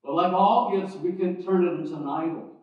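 Man, preacher, teaching sermon, chatty with restarts and asides, slightly high voice, heavy church echo. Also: brisk. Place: church sanctuary. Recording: echoey, distant, dull church recording.

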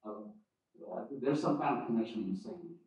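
A man's voice: fairly low pitch, normal speed, darkish tone. A man giving a conversational teaching sermon on church history, speaking with restarts and asides. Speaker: preacher. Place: church sanctuary. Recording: echoey, distant, dull church recording.

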